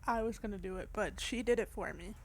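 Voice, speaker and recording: Talking fast at a medium pitch, a young woman plays through a horror game for a let's-play. Her commentary stays casual and chatty as she reacts along the way and cracks self-deprecating jokes.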